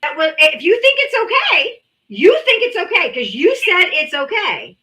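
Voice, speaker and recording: A woman's voice: extremely high pitch, big pitch swings, normal speed, pushed and bright. A woman hosting a live political debate stream, combative and mocking, talking over her guests. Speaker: livestream debate host. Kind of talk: heated political debate livestream.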